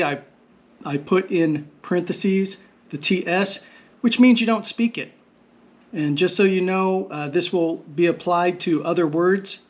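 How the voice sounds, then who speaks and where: A man teaching vocabulary in a patient, explanatory lesson, repeating words slowly and deliberately. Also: high voice. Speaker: language teacher. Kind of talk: slow explanatory lesson narration.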